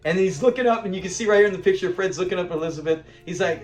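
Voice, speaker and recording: High-voiced excitable male reviewer. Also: quick pace, few pauses, faint music behind. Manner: excitable, laughs a lot, acts out lines. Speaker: episode reviewer, channel host. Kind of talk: casual video commentary.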